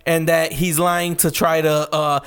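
A young man with a notably high speaking voice holds court in a loose, profane podcast chat. He talks in animated bursts and laughs often. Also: measured pace, smooth, soft background music. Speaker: podcast co-host. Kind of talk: casual chat.

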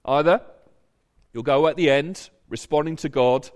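A man's voice: on the high side, moderate pace. A man preaching a sermon in an earnest, conversational way, building to emphatic points.

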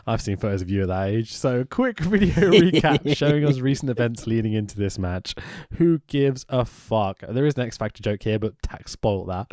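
A man chats loosely as a podcast co-host, swearing freely and breaking into laughter. His pitch swings widely from low mutters to high bursts. The sound is dry and close. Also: moderate pace, few pauses, no room sound. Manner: excitable, sweary, laughs often. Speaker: podcast co-host recapping wrestling. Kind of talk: casual chat.

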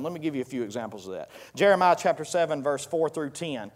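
A man preaching a sermon to his congregation, building from quiet reading to loud emphatic passages and repeating phrases three times. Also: animated, quick pace, few pauses. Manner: swells from low, quiet reading to loud, high-pitched preaching; folksy speech, addresses the congregation directly. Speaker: pastor.

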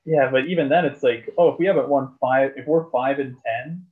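A man's voice: mid-range voice, a little fast. A man, rambling about basketball in casual chat with lots of fillers and swearing. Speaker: podcast co-host. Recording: tinny phone-like sound.

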